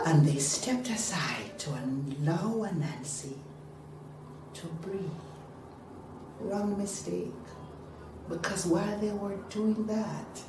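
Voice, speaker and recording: A woman telling a folk tale live, dramatic and expressive. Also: medium pitch, a little hiss or hum. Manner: dramatic, expressive, gasps for effect. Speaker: storyteller. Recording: roomy live sound from a distant mic.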